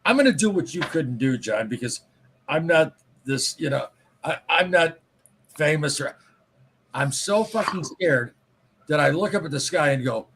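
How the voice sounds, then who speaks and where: A man's voice: on the high side, animated, normal speed, a bit bright, husky. A man hosting a casual podcast interview, talking frankly with swearing and many restarts. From Michigan. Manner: candid, swears, stumbling restarts. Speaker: podcast host.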